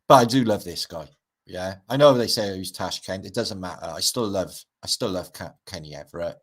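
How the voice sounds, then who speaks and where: Sweary guy rambling on a livestream, middle-aged, kinda low voice. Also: a little fast. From Britain. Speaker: livestream host. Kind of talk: casual livestream chat.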